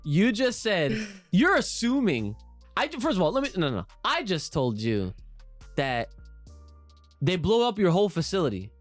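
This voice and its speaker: A man's voice: high voice, huge pitch swings, normal speed, no room sound, faint music behind. A young man co-hosting a casual podcast, talking animatedly, swearing and laughing as he reads listener comments aloud. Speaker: podcast co-host.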